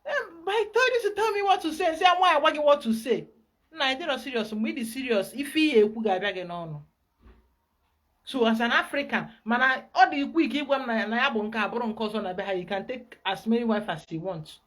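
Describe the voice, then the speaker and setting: A woman with a Nigerian accent, a spiritual guide giving an emphatic, animated teaching talk. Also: on the high side, fast.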